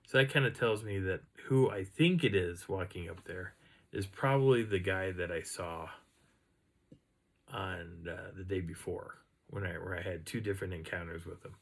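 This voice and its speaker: A man casually recounting an outdoor encounter in a rambling, animated way, now and then imitating the sounds he heard. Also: sits low, moderate pace. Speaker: outdoor storyteller. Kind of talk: casual first-person storytelling.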